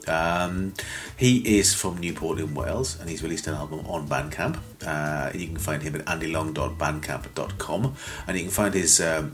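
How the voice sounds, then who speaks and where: A man casually introducing tracks on his music show, rambling with plenty of ums and uhs. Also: low-pitched. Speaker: radio or podcast music show host.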